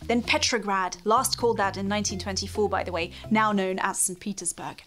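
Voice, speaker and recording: A woman's voice: mid-range voice, lively intonation, moderate pace, hardly any pauses, a bit bright, soft background music. A woman, hosting a scripted countdown with playful, wry commentary. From Russia. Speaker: host.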